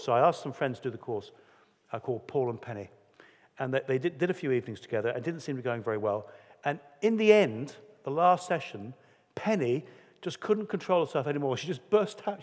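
A man's voice: medium pitch, animated, fast talker, a little mellow. A male pastor preaches with an earnest, conversational delivery, slipping into voices to act out quotes. His mid-range voice carries with a long, echoing hall reverb. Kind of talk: sermon.

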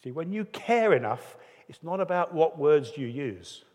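A man's voice: on the high side, very animated, a little slow, a little mellow. A man preaching a sermon in an earnest, conversational way, acting out quotes as he goes. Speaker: pastor. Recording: long hall reverb.

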